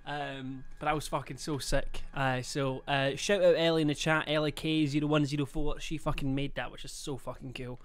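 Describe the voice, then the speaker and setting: A young man hosts a game live stream in a loose, chatty way. His voice sits a bit high for a man. He swears freely and reads out chat and subscriber messages as he talks. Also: steady tone, normal speed, hardly any pauses, smooth. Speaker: livestreamer.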